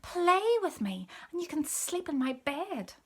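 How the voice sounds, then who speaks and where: A woman voicing a playful tabby kitten in a storybook, coaxing and pleading in a drawn-out way. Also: very high-pitched, big pitch swings, voice pushed up, exaggerated voice.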